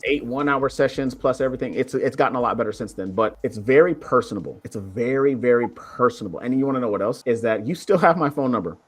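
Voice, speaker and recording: A man who coaches nurses for their licensing exam, talking in an animated way and acting out the dialogue he quotes. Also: medium pitch. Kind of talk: conversational interview.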